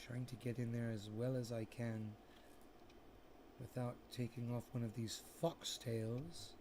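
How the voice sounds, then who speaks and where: A man hosting a casual livestream, using an affected, proper English-sounding persona. He talks in a theatrical, self-mocking way, narrating his own work and chiding a quiet chat with drawn-out repetitions. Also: medium pitch, steady tone, noisy background. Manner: drawn-out repetitions and mock indignation. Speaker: livestream host.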